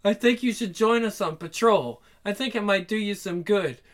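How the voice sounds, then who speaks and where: A woman voicing a gentle, motherly member of a hero team in a game, soothing and patient. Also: mid-range voice, moderate pace, lightly acted. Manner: soothing, patient, soft-spoken. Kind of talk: game cutscene acting.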